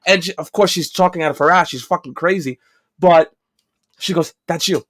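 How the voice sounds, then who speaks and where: A man with a New York accent, co-hosting a casual podcast chat and telling lively stories with quick, playful denials. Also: a little high. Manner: animated storyteller, quick to deny, interrupts with short replies. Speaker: podcast co-host.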